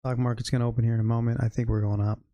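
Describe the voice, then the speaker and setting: A man talks casually over a live trading stream in a dark, mellow voice, muttering and cursing at his own mistakes. The sound is dry and close, with no room echo around it. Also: medium pitch, little pitch movement, very fast. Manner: frustrated, swearing, self-critical muttering. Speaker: livestream day trader.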